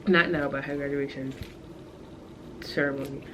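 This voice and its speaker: A woman's voice: lowish voice, expressive, normal speed, background noise. A young woman in her twenties chatting casually to the camera, telling a story as a rant and laughing often. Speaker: vlogger. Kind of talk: casual vlog chat.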